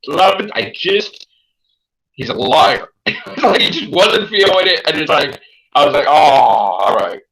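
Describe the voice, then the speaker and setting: A young man hosting a casual fan chat, animated and exclaiming, acting out his own reactions. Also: sits high, normal speed, poor audio. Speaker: podcast host.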